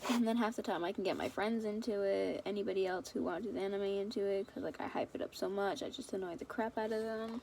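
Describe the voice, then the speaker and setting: A woman's voice: mid-range voice, normal speed, creaky, darkish tone, slight background noise. A young woman rambling and giggling affectionately as she chats casually to her viewers at home. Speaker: fan video creator.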